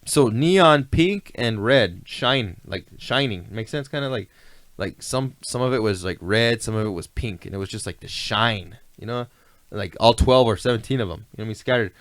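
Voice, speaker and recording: A man's voice: on the low side, animated, normal speed, no echo. A man telling stories in a laid-back, rambling way, often asking "you know what I mean". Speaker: guest. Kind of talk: casual storytelling chat.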